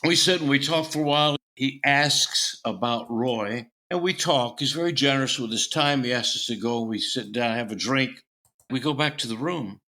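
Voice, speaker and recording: An older man from Florida spins an anecdote with a bright, forceful voice. He slips into the voices of the people in his story and keeps the telling lively. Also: mid-range voice, normal speed. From Tampa, Florida. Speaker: guest musician.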